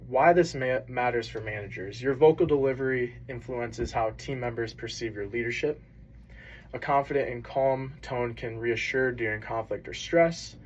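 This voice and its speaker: A man's voice: on the low side, slight background noise, poor audio. A young man giving a class presentation, speaking earnestly with some fillers and restarts. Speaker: business student presenting.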